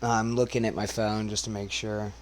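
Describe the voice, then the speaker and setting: A man's voice: on the low side, flat delivery, normal speed, slight background noise. A man hosting a casual livestream, talking loosely and laughing, often trailing off mid-sentence. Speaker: host.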